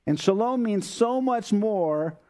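A man's voice: high-pitched, expressive, takes it slowly, mellow. A man preaching a sermon as a pastor, explaining scripture in a conversational way with everyday asides.

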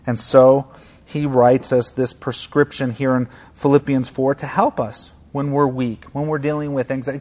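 A male pastor with a medium-pitched voice preaches a sermon in an earnest, conversational manner, shifting between gentle moments and emphatic ones.

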